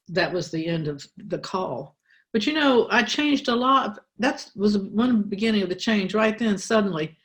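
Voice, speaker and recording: Older woman telling a personal story. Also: fairly low pitch. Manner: wry, candid, with pauses and restarts. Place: church.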